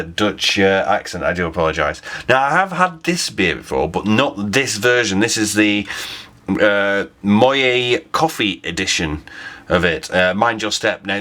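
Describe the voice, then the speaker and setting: A man's voice: fairly low pitch, sharp tone. A man talking casually as he reviews a beer on camera, rambling, correcting himself and chuckling at his own slips.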